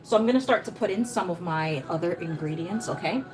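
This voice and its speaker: In a low-quality recording with music behind her, a Jamaican woman with an American accent chats briskly on a live stream while cooking in her home kitchen. Her voice is lowish, and she greets viewers by name and encourages them.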